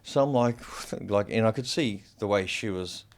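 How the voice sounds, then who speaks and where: On a podcast, a male guest recounts something from his own life, lively and laid-back, cursing often and filling gaps with filler words. He speaks at a normal speed with a voice on the low side.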